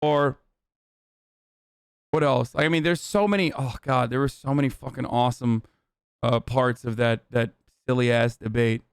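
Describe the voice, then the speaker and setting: A man's voice: mid-range voice, fairly even intonation, normal speed, pauses often, smooth, dry recording, studio quality. Blunt, profane man ranting on stream. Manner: blunt, profane, opinionated rant. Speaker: streamer reacting to videos. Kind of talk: casual livestream commentary.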